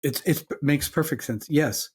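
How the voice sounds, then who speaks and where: A man's voice: a little high, measured pace, slightly rough. An older man from New York with a New York accent, a psychologist and author being interviewed, acting out little dialogues in shifting voices. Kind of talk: reflective interview talk.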